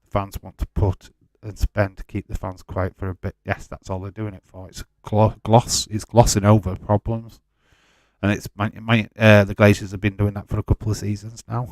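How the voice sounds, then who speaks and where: Male stream host, 40s, defensive, addresses chatters by name, low voice, dry sound. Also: little pitch movement, moderate pace, darkish tone, no echo. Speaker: livestream host. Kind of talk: casual watch-along chat, answering live chat.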